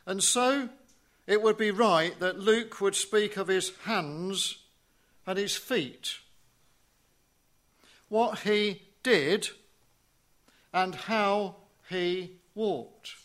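Male preacher, slow and deliberate sermon with a light, bright tone and rhetorical questions. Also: high-pitched. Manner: measured, rhetorical questions, drops to a hush on key phrases.

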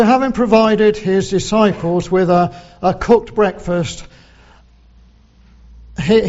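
A man preaching a sermon, slow and deliberate, quoting scripture in old English. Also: sits high, a little mellow, dull audio.

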